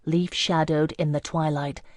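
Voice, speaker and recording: A woman reads a fantasy audiobook in the first person, measured and even. Her voice is low for a woman. The recording is close and completely dry. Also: no echo. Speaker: audiobook narrator.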